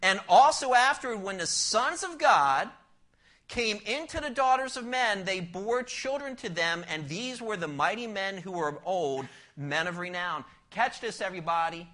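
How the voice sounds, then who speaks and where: A man delivers a sermon in a bright, cutting voice. He explains the text verse by verse and keeps asking his listeners questions. His volume swings from forceful emphasis down to a hushed near-whisper. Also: high-pitched, expressive, normal speed. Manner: asks the listeners rhetorical questions. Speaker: preacher. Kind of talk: expository sermon.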